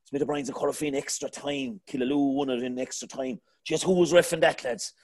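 A man's voice: medium pitch, fairly quick, darkish tone. A middle-aged Irish man hosting a casual sports chat, rambling and talking to his panel as lads. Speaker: podcast host.

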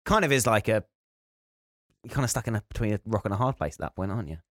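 A man's voice: on the low side, animated, quick pace, a bit bright, no room sound, clean studio sound. Wry guy explaining stuff on a podcast, voice all over the place. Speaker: podcast co-host. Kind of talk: casual banter.

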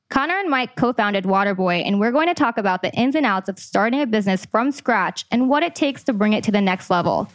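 A woman hosts a casual podcast interview over a video call. Her voice is smooth and clear, in a dry close sound with no room echo. She talks in a bubbly, excitable way at a middle pitch. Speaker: podcast host.

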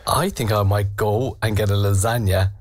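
A man's voice: on the low side, normal speed, darkish tone, a little hiss or hum. A man co-hosting a radio show, teasing and joking with his co-host. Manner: playful, laughing, teasing. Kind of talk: casual radio banter.

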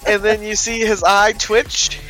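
A man with a high voice plays his character at a tabletop game, narrating his actions in the third person. He swears freely and casually. Faint music runs underneath. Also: level tone, measured pace, poor audio. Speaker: player.

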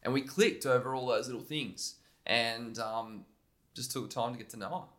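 A young Australian man, a podcast guest, telling stories in a relaxed, rambling way with plenty of fillers and restarts. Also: medium pitch, normal speed. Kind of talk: casual chat.

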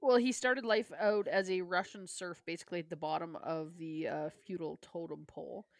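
A woman co-hosting a podcast in casual chat, joking and laughing often with quick asides. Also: on the low side, steady tone, no echo, clean studio sound. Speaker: podcast co-host.

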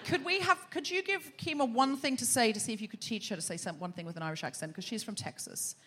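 A woman's voice: fairly high pitch, fast talker, fairly bright tone, slight background noise. A woman from Australia hosting a live comedy podcast on stage, talking in exclamations, repeating phrases and laughing as she goes. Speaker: host. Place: theatre stage before a live audience.

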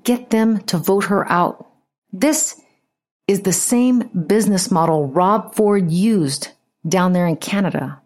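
A woman's voice: medium pitch, takes it slowly. A woman hosting a podcast, giving casual, sarcastic political commentary with frequent swearing. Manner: sarcastic, profane, animated. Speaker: podcast host.

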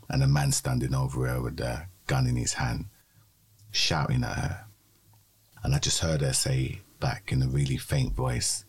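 Very deep, husky man. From London. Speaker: podcast co-host. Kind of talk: personal testimony in a podcast conversation.

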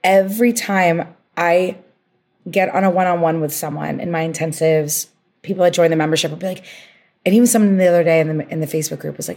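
A woman's voice: lowish voice, fairly even intonation, quick pace, darkish tone. A woman being interviewed as a guest on a podcast, talking with energy and passion and getting fired up about her work. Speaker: guest, social media strategist.

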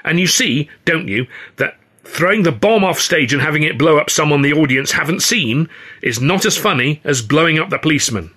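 A man's voice: on the high side, expressive, brisk, pushed and bright, pitched above the performer's own voice. A man voicing a resentful male comedian in a stage troupe, whining and nasty as he complains. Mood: aggrieved.

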